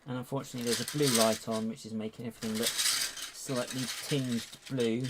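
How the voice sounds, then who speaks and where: A man's voice: mid-range voice, little pitch movement, a little fast, very noisy. A man chatting casually while building with LEGO, muttering to himself as he sorts bricks, his voice going cracky. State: voice going cracky, needs a drink. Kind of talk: casual live build commentary.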